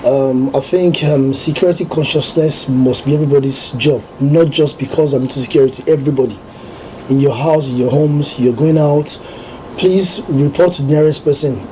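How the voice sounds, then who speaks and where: A man's voice: mid-range voice, moderate pace, dark tone, a little hiss or hum, poor audio. A Nigerian man, a security professional, speaking earnestly as a radio guest and repeating his key points. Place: radio studio.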